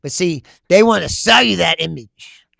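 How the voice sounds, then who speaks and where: A man's voice: high voice, moderate pace, creaky, dry recording, studio quality. A middle-aged man hosting a casual political chat, reading viewer comments and answering with profane, laughing stories. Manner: laughing, profane, animated storytelling.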